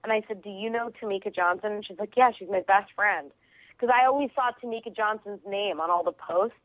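A woman comedian tells a story with big energy and quick laughs, taking on the voices of the people she meets. Her voice comes through thin and tinny, like a phone line. There is no room sound around her. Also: mid-range voice, dry recording. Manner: lively, quick, laughs easily, acts out voices in stories. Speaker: comedian and actress, interview guest. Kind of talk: animated storytelling over the phone.

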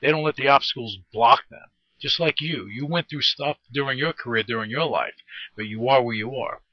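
A man's voice: medium pitch, brisk, dry recording, dull audio. A man hosting an interview show, talking in an earnest, rambling and encouraging way. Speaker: podcast host. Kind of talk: casual interview chat.

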